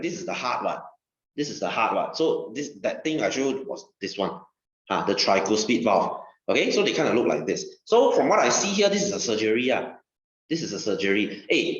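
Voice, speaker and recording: Man, science teacher, chatty and repetitive, lively pitch, echoey muffled recording. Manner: chatty, repeats phrases, asks rhetorical questions. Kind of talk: casual recorded science lesson. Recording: dull, roomy recording.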